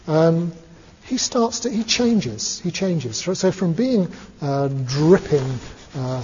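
Man, Buddhist teacher, relaxed storyteller, lo-fi with reverb. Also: fairly high pitch, a little hiss or hum. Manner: relaxed, chuckling, many fillers. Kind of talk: storytelling talk. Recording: dull lo-fi recording, long reverb.

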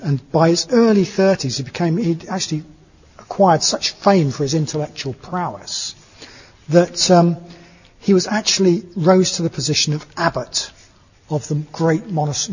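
A man's voice: fairly high pitch, a little mellow, breathy edge. A man giving a Buddhist dharma talk, telling a story in a conversational, hesitant way with many filler sounds. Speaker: Buddhist teacher. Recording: echoey hall, dull lo-fi sound.

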